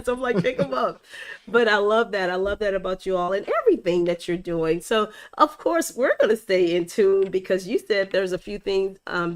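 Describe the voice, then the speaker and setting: Effusive woman hosting a faith talk show. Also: mid-range voice. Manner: effusive, encouraging, ends with blessing. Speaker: host. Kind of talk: faith-based interview show. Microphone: streamed video call.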